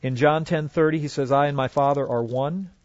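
A man's voice: on the high side, steady tone, fairly quick, a little mellow, no room sound. Guy teaching a bible class, earnest, lots of uhs, dry dull recording. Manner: earnest, with frequent fillers and restarts, quoting scripture.

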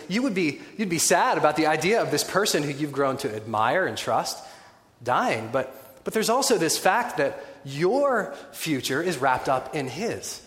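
A man preaching a sermon in a conversational, animated way, with wry humorous asides. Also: fairly high pitch. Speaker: pastor. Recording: echoey hall with long reverb.

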